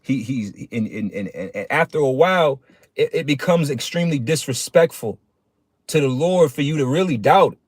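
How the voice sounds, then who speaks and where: A man's voice: medium pitch, expressive, moderate pace, no room sound, studio quality. A man giving a casual sermon on a livestream, preaching in plain street talk and calling his listeners "man".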